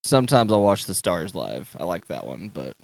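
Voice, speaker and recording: A man's voice: sits low, big pitch swings, normal speed, gravelly, dry recording. A man co-hosting a sports podcast, chatting in an easygoing way and laughing often between phrases. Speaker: podcast co-host. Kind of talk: casual sports chat.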